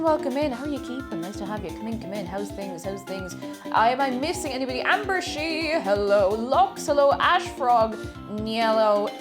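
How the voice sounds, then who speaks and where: Playful woman streaming from kitchen. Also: a little high. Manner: playful, greets chat by name, teasing. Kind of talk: casual live-stream chat. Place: home kitchen.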